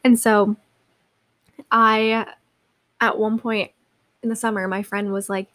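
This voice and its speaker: A woman's voice: medium pitch, little pitch movement, moderate pace. Young woman, solo podcast host, chatty and rambling. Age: young adult. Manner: chatty and rambling, lots of likes and restarts. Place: seated in a chair.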